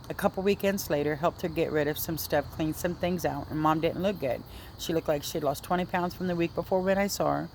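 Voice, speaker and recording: A woman's voice: low-pitched, darkish tone, slight background noise. A woman earnestly telling a personal religious story in a casual, rambling vlog, often restarting her sentences. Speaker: vlogger sharing a religious testimony. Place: indoors at home, seated.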